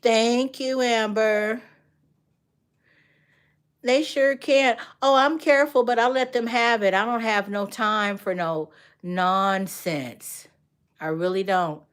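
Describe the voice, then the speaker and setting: An older woman, a grandmother and art instructor, chatting casually on a livestream, talking to viewers by name and retelling stories with lively energy. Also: fairly high pitch, slow, clear, resonant tone.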